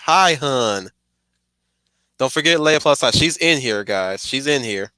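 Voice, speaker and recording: A man's voice: mid-range voice, animated, a little slow, sharp tone, clean tone, no echo. A man streaming a casual, rambling film commentary, stuttering and restarting his sentences often.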